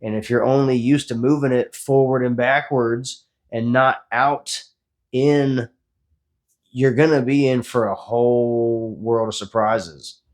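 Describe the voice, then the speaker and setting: A man in his forties, with a voice of average pitch, gives a blunt and profane motivational talk after a workout. As a fitness vlogger, he coaches viewers without sugarcoating anything, his tone steady, his pace slow and a little mellow.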